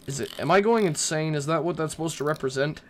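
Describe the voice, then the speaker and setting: A man's voice: on the high side, fast, slight background noise. A young man playing a horror game and commenting, nervous and rambling, swearing and talking back to the characters. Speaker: gaming YouTuber.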